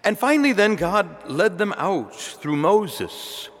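A man's voice: high-pitched, very animated, takes it slowly, a bit bright, big-room sound. A man preaching a homily as a priest, emphatic, repeating key words and adding rhetorical asides. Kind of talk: sermon.

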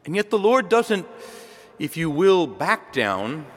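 Male priest, homily, emphatic, swooping pitch, long church reverb. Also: very animated, slow. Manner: emphatic, repeats key words, rhetorical asides. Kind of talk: sermon.

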